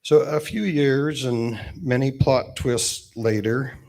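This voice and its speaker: A man in his fifties giving a eulogy at a memorial gathering with gentle humor, pausing often with fillers. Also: medium pitch. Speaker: eulogy speaker, best man.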